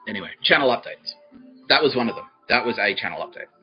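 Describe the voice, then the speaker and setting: A man's voice: medium pitch, lively intonation, fast. Male podcast host; profane, rambling comic monologue; slightly muffled recording with faint music. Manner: profane, rambling, laughs mid-sentence.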